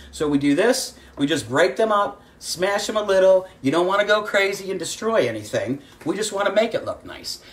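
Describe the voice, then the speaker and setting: Chatty woman hosting a cooking show. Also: mid-range voice. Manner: chatty storyteller, greets viewers by name, calls audience kids. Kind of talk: casual livestreamed cooking demo. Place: home kitchen.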